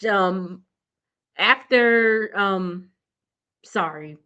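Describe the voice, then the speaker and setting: A young woman talks through a reality show recap in a loose, chatty way. Her voice sits at an ordinary middle pitch, and she is blunt and quick to laugh as she speaks straight to her viewers. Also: sharp tone, clear, resonant tone, muffled recording. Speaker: TV recap vlogger. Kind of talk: casual recap chat.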